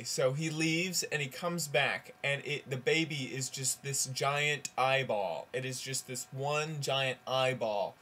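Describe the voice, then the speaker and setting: A man vlogging casually, rambling and halting with lots of fillers while he sets up a long joke. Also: medium pitch, pushed and bright. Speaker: vlogger on a group channel. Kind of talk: casual vlog, telling a joke.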